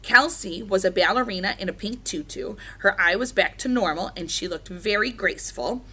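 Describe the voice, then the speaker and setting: A woman reading a children's storybook aloud, animated and expressive. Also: mid-range voice, moderate pace, slightly rough. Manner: animated, doing character voices. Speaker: reader.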